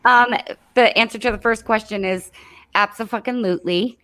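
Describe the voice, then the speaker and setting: A woman's voice: fairly high pitch, fairly even intonation, normal speed, sharp tone, clean tone. Giggly, blunt woman in casual chat.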